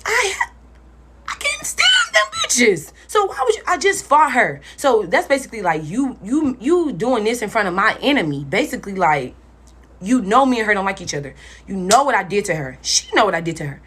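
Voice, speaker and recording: A woman's voice: mid-range voice, sing-song, fairly quick, a bit bright, slight background noise. A young woman telling a personal story in a casual storytime vlog, blunt and profane, talking straight to her viewers.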